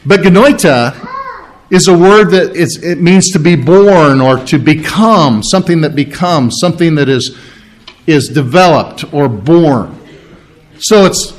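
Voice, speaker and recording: A man preaching a sermon in church, animated and emphatic, stopping to explain Greek words. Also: a little high. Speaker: pastor.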